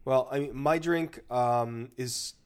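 A man's voice: mid-range voice, slow, clear, resonant tone. Joking man co-hosting a podcast. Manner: joking, laughs at his own jokes. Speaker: podcast co-host. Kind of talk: casual chat.

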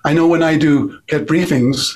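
A man's voice: on the high side, moderate pace. A man with an English accent, a guest speaker talking energetically in an interview. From England. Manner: energetic, emphatic, acts out quoted voices. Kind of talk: animated interview talk.

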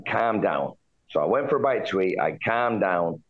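Low-voiced man telling a story. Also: moderate pace. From United Kingdom. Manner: animated retelling, jumps high for quoted lines. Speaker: guest. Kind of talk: storytelling in an interview. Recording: dull lo-fi line.

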